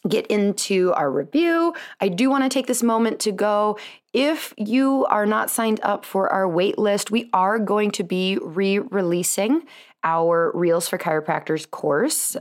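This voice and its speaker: A woman in her thirties hosting a podcast, telling a rambling personal story in a chatty, self-deprecating way and laughing often. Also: mid-range voice. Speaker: podcast host, chiropractor. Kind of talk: casual storytelling monologue.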